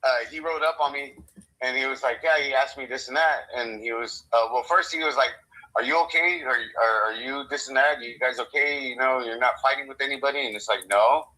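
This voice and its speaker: Young american dude rambling on a podcast, cussing nonstop, bright edgy voice, plays out every line of the story. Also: male voice, mid-range voice, steady tone, a little fast, low-quality recording. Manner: rambling, swears constantly, acts out both sides of his story. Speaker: podcast co-host. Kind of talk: casual chat.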